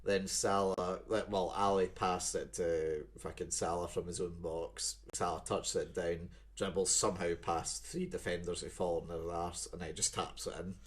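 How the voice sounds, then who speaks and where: Young Scottish podcast co-host, very low-pitched, sweary storyteller. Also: male voice, flat delivery, normal speed, few pauses. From Scotland. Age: 20s. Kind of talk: casual chat.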